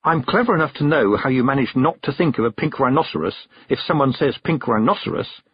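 A man's voice: medium pitch, expressive, brisk, slightly rough, no echo, highs cut off, voice pushed up. A man doing an eager, earnest young girl witch.

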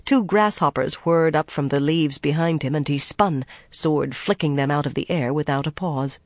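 An audiobook narrator reading a fantasy novel in a measured, even storytelling voice. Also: mid-range voice, no room sound. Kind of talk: scripted narration.

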